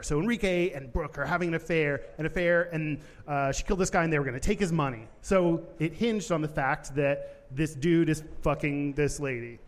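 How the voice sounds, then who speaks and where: A man with a high-pitched voice tells a story on stage at a live podcast show. He talks with lots of energy and jumps into even higher voices for quotes. His voice rings through a large, reverberant venue. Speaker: podcast co-host.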